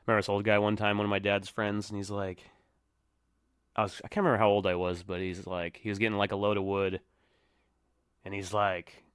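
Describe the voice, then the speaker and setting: Solo podcast host, 30s male, lowish smooth voice, loose rambling delivery, frequent laughter, dry close sound. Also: flat delivery, fairly quick, fairly bright tone, no echo. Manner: rambling, laughs often, self-mocking. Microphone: headset or desk mic.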